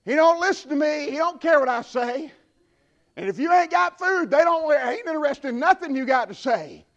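A man preaching a sermon, swinging from hushed asides to shouted peaks. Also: extremely high pitch, lively intonation, moderate pace. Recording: dull lo-fi recording.

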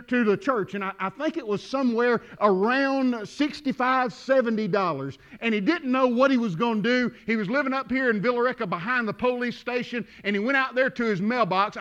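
A man preaching a sermon, telling folksy stories that build to shouting. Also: extremely high pitch. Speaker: pastor.

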